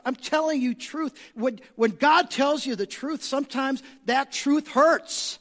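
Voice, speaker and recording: A man preaching a sermon emphatically, hammering points in repeated lists and rising to shouts. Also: very high-pitched, measured pace. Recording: long reverb of a large hall.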